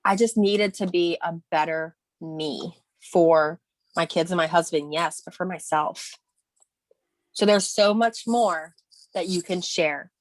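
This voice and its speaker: A woman's voice: on the low side, slow pace, no room sound. A woman in her thirties co-hosting a morning video call, speaking candidly and emotionally with emphatic bursts and restarts. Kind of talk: casual motivational chat.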